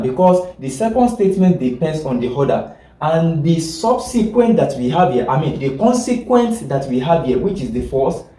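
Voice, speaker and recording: A man gives a logic lecture in a fairly high, mellow voice, picked up from a distance in an echoey room. He circles back over each point, corrects himself as he goes and keeps asking whether his students are following. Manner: repetitive, keeps checking that listeners follow; halting, self-correcting explanations. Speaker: teacher. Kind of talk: classroom lecture.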